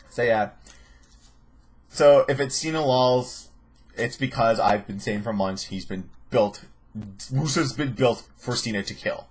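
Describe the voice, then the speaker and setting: Husky guy doing a rambly profane vlog rant, sarcastic and loose. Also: mid-range voice, measured pace, long pauses. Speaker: host. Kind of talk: casual vlog commentary.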